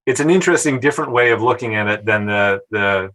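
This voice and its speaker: Male policy analyst on a podcast; even-toned, thoughtful explainer. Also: on the low side, rough recording. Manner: measured, analytical, with mild hesitations. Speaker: housing policy analyst, guest. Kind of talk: podcast interview.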